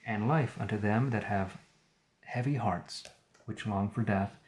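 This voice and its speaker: A man reads the Bible on a live stream in a lowish, slightly mellow voice, with a little hiss or hum audible in the recording. Occasionally he pauses to paraphrase the old words and remark on them.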